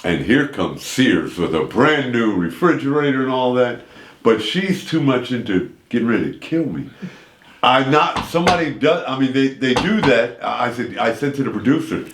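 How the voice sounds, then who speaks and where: A man's voice: mid-range voice, moderate pace, reverberant, background noise. A man guest on a radio show, telling a long anecdote and voicing the people in it. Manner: lively anecdote with voiced quotes. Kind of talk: animated storytelling. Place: radio studio.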